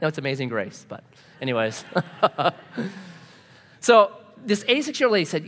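A man's voice: a little high, very animated, fairly quick, long pauses. A man preaching a sermon, telling a personal story and acting out the dialogue with laughs. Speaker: pastor. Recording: long hall reverb.

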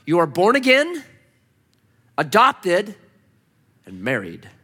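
Male pastor, sermon, lively swooping voice, fairly high, storytelling, emphatic. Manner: animated, humorous storytelling, emphatic repetition.

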